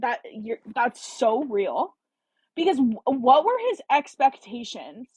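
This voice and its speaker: A woman's voice: on the high side, takes it slowly, husky, dry recording, low-quality recording. Chatty woman hosting a book livestream. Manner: animated, chatty, reacts to viewer comments. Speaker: book club host. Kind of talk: casual livestream chat.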